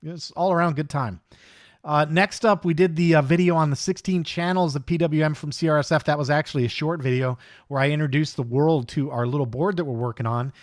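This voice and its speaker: A man's voice: a little high, brisk, dry recording, clean studio sound. Easygoing middle-aged man hosting a livestream. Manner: easygoing, rambling, greets viewers by name. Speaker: host of a live hobby stream. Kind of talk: casual livestream chat.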